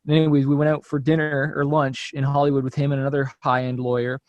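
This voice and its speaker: A man, a musician guest on a podcast, telling a story in a relaxed, loose way, full of "like" and "you know". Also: mid-range voice, fast talker, no echo, dull audio. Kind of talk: casual chat.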